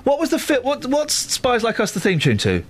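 Animated, playful male radio presenter. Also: very high-pitched, moderate pace, slight background noise. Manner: playful, jokey, full of asides. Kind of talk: casual radio chat.

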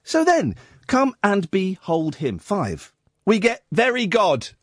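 On a close, dry studio recording with no echo, a male radio host delivers a comic monologue full of incredulity and mock outrage. He hums and sings snatches of tunes as he goes, his pitch swooping wildly while he takes his time over every word.

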